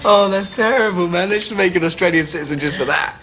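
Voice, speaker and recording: A man's voice: high voice, quick pace, bright, forceful tone, slight background noise. Cheeky, teasing young man. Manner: teasing, laughing. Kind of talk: TV drama acting.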